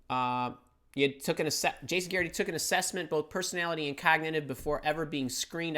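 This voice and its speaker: A man's voice: medium pitch, fairly bright tone. A middle-aged man hosting a live career-advice question session, speaking casually and bluntly, repeating words for emphasis. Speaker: career advice host answering viewer questions. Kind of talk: live-stream Q&A, casual and opinionated.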